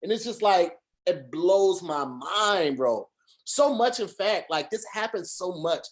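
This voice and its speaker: A man's voice: sits high, lively intonation, a little slow. A man co-hosting a casual podcast chat over a video call, talking earnestly in long rambling runs with restarts and fillers. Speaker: podcast co-host.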